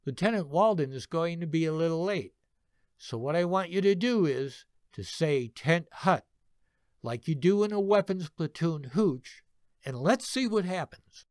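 A man voicing a gruff male army first sergeant who barks orders and curses. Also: a little high, expressive, unhurried, a little mellow, dry recording, clean studio sound. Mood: commanding. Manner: barking orders, cursing.

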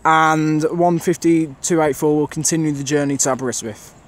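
A man's voice: fairly high pitch, fairly even intonation, normal speed. A man filming trains on an outdoor station platform, giving a rambling, casual commentary full of fillers to his camera mic. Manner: chatty, rambling, thinks aloud with many fillers.

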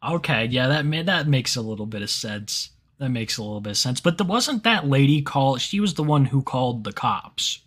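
A man's voice: mid-range voice, animated, moderate pace, few pauses, a bit bright. A man co-hosting a podcast in casual chat, laid-back and agreeable, with some swearing. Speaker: podcast co-host.

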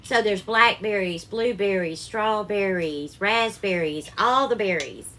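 A woman's voice: mid-range voice, unhurried, a bit bright, a little hiss or hum. A woman with a Southern accent hosting a live cooking stream from her home kitchen, chatting affectionately with viewers and calling them darling. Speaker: cooking livestream host.

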